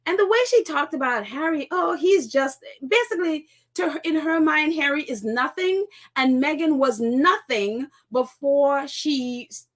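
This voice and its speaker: A woman with a high voice hosts a casual live stream, talking straight to her viewers. She rambles and restarts her sentences, breaking into laughs as she reads their comments aloud. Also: a little slow, hardly any pauses. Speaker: host of a live chat show.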